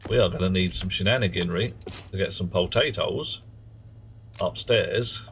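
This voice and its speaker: Male game streamer, lowish voice, casual live chat that mutters at the game, faint noise behind. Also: normal speed, a bit bright. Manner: mutters at game objects and chats to viewers.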